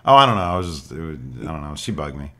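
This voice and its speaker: A man with a very low voice talks in a loose, rambling way, full of fillers. He is a podcast co-host chatting casually. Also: very animated, rapid-fire, sharp tone. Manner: rambling, laid-back storytelling with fillers. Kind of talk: casual chat.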